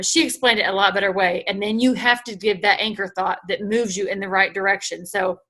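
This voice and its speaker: A woman in her thirties or forties, chatting casually with viewers and telling stories in an animated way as she recaps a convention. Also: medium pitch. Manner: chatty, animated storytelling, addresses viewers as "you guys". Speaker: host recapping a sales convention.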